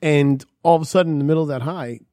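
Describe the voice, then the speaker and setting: A man's voice: a little high, quick pace, mellow, no room sound, studio quality. A man casually telling a long, profane story on a podcast, acting out the lines of the people in it. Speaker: podcast co-host.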